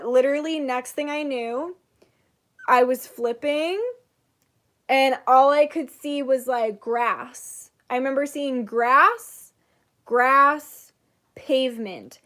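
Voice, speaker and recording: Young woman, high voice, casual storyteller who curses a lot and acts out quotes. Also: slow. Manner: animated, swears freely, acts out quotes. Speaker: channel host, psychic reader.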